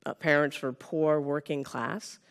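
A woman's voice: sits low, steady tone, measured pace. Conversational woman keynote speaker in her fifties. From Sonoma County, California. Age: 50s. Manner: conversational, with frequent "right?" tags to the audience. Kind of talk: conference keynote talk. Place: conference room with a live audience.

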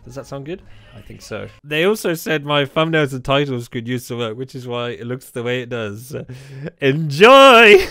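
A man giving jokey let's play commentary, breaking into loud swearing outbursts when startled. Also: mid-range voice, normal speed, hardly any pauses, soft background music. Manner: jokey self-mocking chatter. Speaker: gaming YouTuber.

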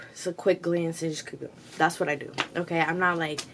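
A young woman tells a storytime vlog in a loose, animated ramble, jumping into quoted voices and swearing freely. Her voice sits a little low with a gravelly fry. A faint hum runs behind her. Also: moderate pace. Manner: chatty, animated retelling with quoted voices and cussing. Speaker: vlogger.

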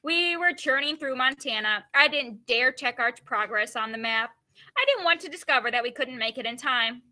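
A young woman teacher reads a novel aloud to her class, her voice high and bright. She stops often for chatty asides full of "like" and "you know.". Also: moderate pace. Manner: casual asides full of "like" and "you know" between expressive reading. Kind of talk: read-aloud with commentary.

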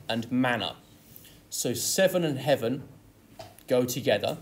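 A man's voice: medium pitch, darkish tone, slight background noise. Man, teacher, exam tutorial, explanatory, stresses key words. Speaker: English literature teacher.

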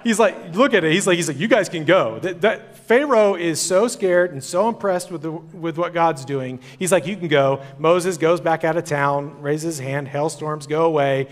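Guy preaching at a conference, loose and conversational, kinda high voice. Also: moderate pace, few pauses. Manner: casual, conversational storytelling. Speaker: conference speaker. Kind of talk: sermon. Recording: long hall reverb.

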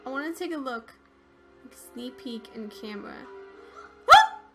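A young woman giving casual let's-play commentary, excitable and easily scared, with squeals and laughs. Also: on the high side, moderate pace, loud music behind the voice.

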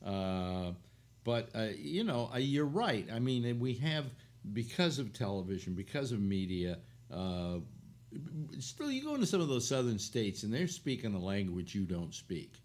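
Hosting a loose, meandering conversation, the older man from California keeps stumbling into fillers and fresh starts. He talks at a moderate pace in a mid-range, slightly mellow voice with big swings in pitch.

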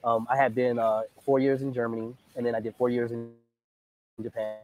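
A man's voice: medium pitch, flat delivery, fairly quick, darkish tone, low-quality recording. A man in his forties from the United States answering interview questions hesitantly, with many fillers. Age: 40s. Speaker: interview guest.

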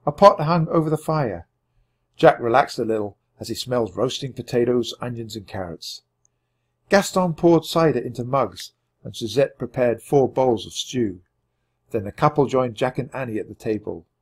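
A man narrates a children's adventure book with a husky, slightly breathy voice. His pitch moves a great deal as he builds up tension and drops into hushed moments. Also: normal speed. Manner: expressive, dramatic storytelling. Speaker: audiobook reader.

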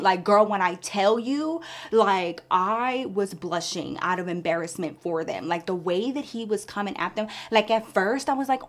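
A woman vlogger telling a story in casual, animated chat, often calling her listeners girl. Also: mid-range voice, moderate pace, few pauses.

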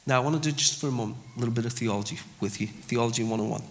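A man's voice: mid-range voice, rapid-fire, hardly any pauses. A man preaching a sermon in a church, conversational, acting out little scenes and getting the congregation to repeat phrases. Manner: conversational, with acted-out asides and crowd call-and-response. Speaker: pastor. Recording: echoey church hall.

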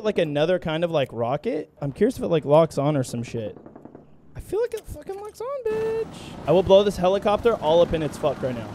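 Young guy streaming a shooter, high bouncy voice, swears a ton and yells a lot. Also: a little hiss or hum. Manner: excitable, profane, bursts into shouts. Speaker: game streamer; military veteran gamer. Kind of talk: live gameplay commentary.

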